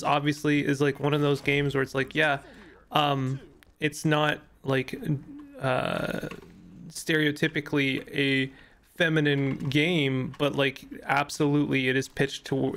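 Gravelly-voiced man rambling over gameplay. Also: medium pitch, a bit bright. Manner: rambling, many fillers and restarts. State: losing his voice. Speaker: gaming YouTuber. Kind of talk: casual gameplay commentary.

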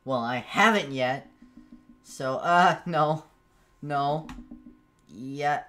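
Man, game streamer, casual commentary, slow, stammering, yelpy when frustrated. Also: on the high side, bright, forceful tone. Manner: stammers and repeats words, breaks into yelps and laughs when frustrated.

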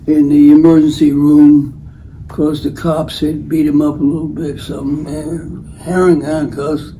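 Brief: older male host, slow rambling storyteller, dark mellow tone, acts out the quotes. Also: on the high side, slight background noise, poor audio. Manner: unhurried, acts out the voices in his stories. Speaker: host telling life stories.

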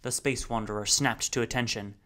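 A man narrating a novel as an audiobook reader, with expressive, wry storytelling. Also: medium pitch, brisk. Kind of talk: scripted narration.

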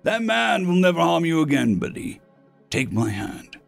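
A man's voice: a little high, sing-song, normal speed, gravelly, soft background music, pitched above the performer's own voice, full character voice. A man voicing a weary, wounded male space marine corporal who speaks in short, clipped commands. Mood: gentle.

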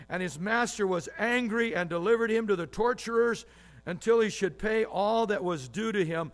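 A man with a notably high voice delivers a sermon from the pulpit. He reads scripture with strong emphasis and often doubles up his words as he preaches. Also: normal speed. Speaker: pastor.

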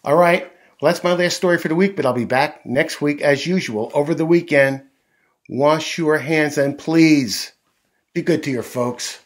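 Husky man reading a children's storybook. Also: fairly high pitch, moderate pace. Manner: warm asides to young listeners. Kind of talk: reading a picture book aloud.

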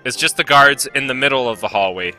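Sharp-voiced joking game commentator man. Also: mid-range voice, quick pace, soft background music. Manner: chatty, joking, swears freely. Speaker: let's play host and player. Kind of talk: casual gameplay commentary.

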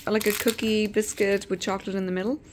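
A middle-aged woman at a middle pitch, speaking from behind the camera as the vlogger's mother. She answers in short bits and reads snack labels aloud. A faint noise sits in the background. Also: level tone, fast talker.

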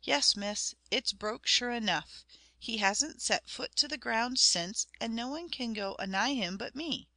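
A man's voice: very high-pitched, lively intonation, unhurried, pushed and bright, no echo, voice pushed up, full character voice. Woman doing old rustic shepherd Roger. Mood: lamenting. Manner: rustic country dialect speech.

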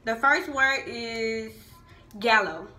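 A woman's voice: on the high side, takes it slowly, bright, forceful tone, slight background noise. A young woman from Houston with a Southern Houston accent, chatting casually about local slang in a vlog, laughing often and saying "like" a lot. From Houston, Texas. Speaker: vlogger.

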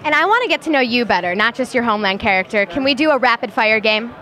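A woman's voice: fairly high pitch, animated, quick pace, bright, forceful tone. A woman from Chicago hosting a red carpet interview, asking upbeat questions outdoors. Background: crowd chatter.

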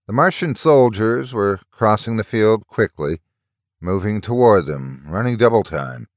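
Deep-voiced male story narrator, bone-dry sound. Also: no room sound. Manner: measured, dramatic storytelling.

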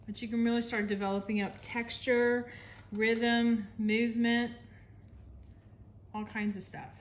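A woman's voice: on the high side, flat delivery, a little slow, slight background noise. An American woman giving a casual, chatty painting demonstration, talking while she works and apologizing to viewers now and then. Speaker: art instructor.

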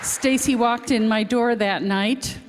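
A woman's voice: a little high, takes it slowly, a little hiss or hum. An older woman giving a chatty, rambling testimony on stage, laughing easily. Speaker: guest speaker. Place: large hall with audience. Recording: reverberant hall with crowd.

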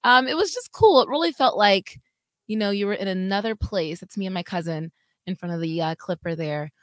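A woman's voice: medium pitch, a little fast, no echo. A woman news anchor co-hosting a casual chat, talking freely and laughing easily.

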